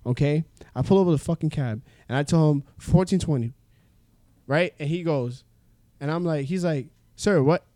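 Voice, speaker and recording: A man telling a profane, animated comic story in a casual podcast chat. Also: fairly high pitch, moderate pace, dry recording. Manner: animated, profane, acts out the people in his story.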